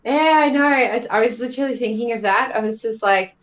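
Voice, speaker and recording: A woman with an Australian accent, a guest chatting casually over a video call. She sounds easygoing and relaxed. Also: fairly high pitch, brisk. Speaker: guest cake decorator. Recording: slightly dull video call audio.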